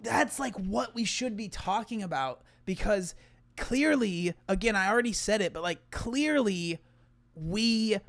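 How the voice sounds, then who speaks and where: Young guy rambling thru a reaction video, lots of "like", kinda high voice, dry close mic. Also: expressive, unhurried, vocal fry, fairly bright tone, dry recording. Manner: rambling, heavy with "like" fillers and restarts. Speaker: YouTuber reacting to his TV appearance. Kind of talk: casual reaction commentary.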